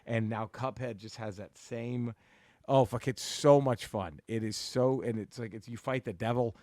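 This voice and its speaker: A man's voice: mid-range voice, moderate pace, a little mellow, dry recording, studio quality. A man co-hosting a comedy podcast, talking casually in a profane, rambling way with many restarts. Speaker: podcast co-host.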